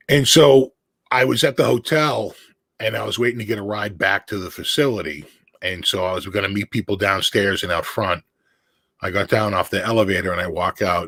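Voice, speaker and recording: A man chatting as a guest on a video call, telling an animated anecdote and acting out the voices in it. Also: low-pitched, dry recording. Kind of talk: casual storytelling chat.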